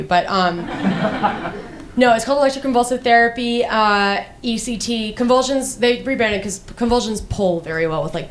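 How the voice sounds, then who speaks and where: Speaking at medium pitch with a little hiss or hum in the recording, the young comedian rambles through a profane monologue. She keeps saying "like," restarts often, and jokes bleakly at her own expense.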